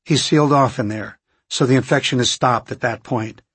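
A man with a husky voice voicing a calm senior male scientist who speaks in a measured, reassuring way in an audiobook. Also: mid-range voice, dry recording, voice pushed up.

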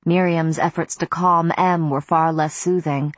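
A woman narrates a novel in the first person with a measured, even delivery. Her voice sits on the low side, and the recording is dry and close, with no room sound. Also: no echo. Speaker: audiobook narrator.

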